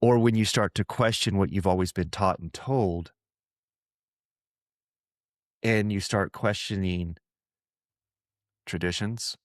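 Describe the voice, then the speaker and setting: A man's voice: low voice, measured pace, dry recording, clean studio sound. A man hosting a podcast, talking about faith in an earnest, conversational way, often repeating himself and putting on voices to quote people. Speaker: podcast host. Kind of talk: reflective faith talk.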